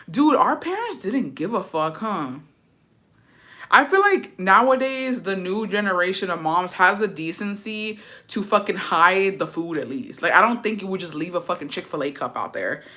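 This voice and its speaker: A woman vlogger with a bright, ringing tone, reading out viewer comments and reacting to each one. She talks in a blunt, slangy way, swearing freely as she tells animated stories. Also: on the low side. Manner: animated storytelling.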